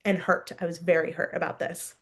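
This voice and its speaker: Podcast guest, woman, thirties, candid storyteller who laughs easily, slightly low voice. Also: level tone, brisk. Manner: candid, laughs often while telling a story. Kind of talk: personal storytelling in an interview.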